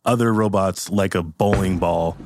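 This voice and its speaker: A man hosting a podcast, narrating an improvised comedy story in an excitable, rambling way. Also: low-pitched, normal speed, very noisy. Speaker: podcast host.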